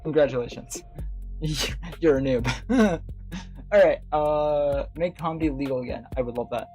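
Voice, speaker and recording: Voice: mid-range voice, unhurried, darkish tone, soft background music. A livestream host chatting casually with viewers, rambling with many fillers and restarts and laughing often. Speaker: livestream host talking to chat. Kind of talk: casual chat.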